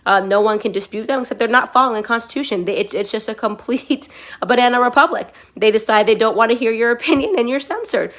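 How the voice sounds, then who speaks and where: A woman's voice: fairly high pitch, fast, fairly bright tone. A woman commentator making a political argument, emphatic, posing rhetorical questions as she goes.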